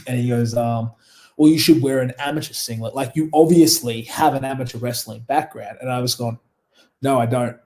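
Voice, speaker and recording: A man's voice: medium pitch, fairly even intonation, a little fast, darkish tone. A man with an Australian accent, a wrestler telling stories in a casual interview, rambling, laughing often and swearing freely. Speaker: guest wrestler.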